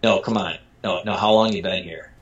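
Male storyteller from Michigan, animated, acts out dialogue, curses freely, muffled lo-fi sound. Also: low-pitched, a little fast. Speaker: storyteller guest. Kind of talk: casual anecdote telling. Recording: dull lo-fi sound.

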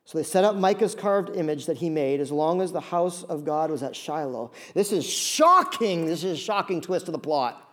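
A man preaching a sermon, telling a story with animated asides and acted-out voices. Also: fairly high pitch, normal speed. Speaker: pastor.

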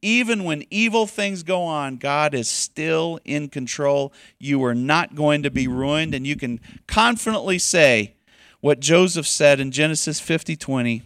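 Emphatic male pastor, higher voice. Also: unhurried, no room sound, clean studio sound. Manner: emphatic, swings between loud urging and quiet softness. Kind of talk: sermon.

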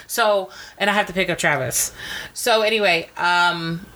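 A woman co-hosting a podcast, telling a story in fast, profane, animated chat and acting out the people in it. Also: on the low side. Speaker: podcast co-host.

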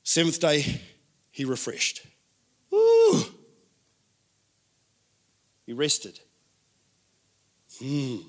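Man, pastor, sermon, high-pitched, animated, emphatic repetition. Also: moderate pace. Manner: animated, repeats words for emphasis.

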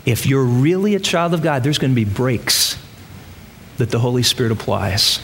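With a mid-range voice, lively intonation, and normal speed, a pastor delivers an emphatic church sermon packed with rhetorical questions for his congregation. There's slight background noise and the long reverb of a big hall.

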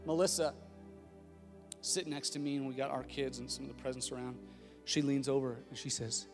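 A man's voice: mid-range voice, fairly even intonation, a little fast, pauses often. A man in his thirties, a pastor delivering a sermon in a conversational, humorous way that builds to emphatic repetition. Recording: long hall reverb with faint music.

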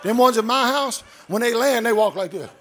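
A male pastor preaching a sermon, swinging from low murmurs to shouts and calling out to the congregation. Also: animated, brisk. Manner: calls out to the congregation.

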